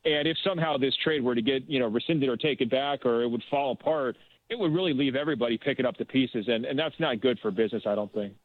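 A man's voice: medium pitch, quick pace, no echo. Male phone-in guest, hesitant and filler-heavy, tinny phone line. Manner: hesitant, many fillers and restarts. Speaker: sports writer guest. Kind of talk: phone-in radio interview.

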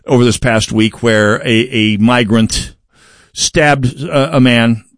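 A man's voice: medium pitch, steady tone, slow pace, no echo, clean studio sound. A man hosting a broadcast, delivering a political commentary monologue with emphatic delivery, wry asides and frequent restarts. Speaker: broadcast host.

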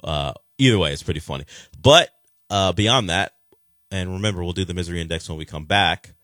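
A man's voice: sits low, fairly quick, fairly bright tone, no echo, studio quality. A man hosting a sports talk show, chatting casually about league news with wry, sarcastic asides. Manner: conversational, with frequent fillers and restarts.

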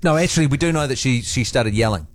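Fast-talking New radio host. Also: male voice, mid-range voice, expressive, no echo. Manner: wry, quick, corrects and teases his co-host. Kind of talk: casual talkback chat.

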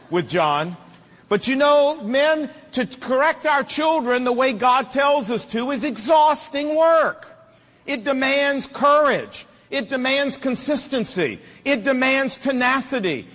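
A man's voice: high-pitched, fairly bright tone, big-room sound. A middle-aged man preaching a sermon, with emphatic, repetitive rhetoric and folksy humor. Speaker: pastor.

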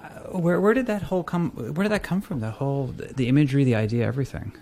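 A male interviewer who narrates in a measured way and asks questions. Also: medium pitch, warm tone, soft background music. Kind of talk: radio-style narration and interview.

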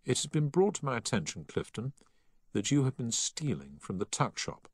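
A man's voice: medium pitch, very animated, normal speed, husky, dry recording, studio quality, voice pushed up. A man reading the part of a strict male schoolmaster who speaks curtly and in an uncompromising tone. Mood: stern. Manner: curt, uncompromising. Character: stern strict middle-aged male housemaster. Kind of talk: audiobook character reading.

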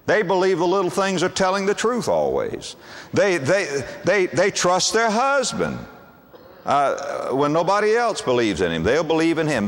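A man's voice: fairly high pitch, a bit bright. Older guy preaching, voice swoops up and down a lot, big hall echo behind him. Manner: folksy, acts out quoted husbands and wives. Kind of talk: sermon. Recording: long hall reverb.

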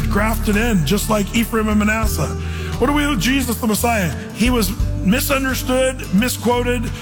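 A man's voice: sits high, big-room sound, rough recording. A man preaching an informal, earnest sermon in a church, quoting scripture and putting on voices to make his points. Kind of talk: conversational sermon.

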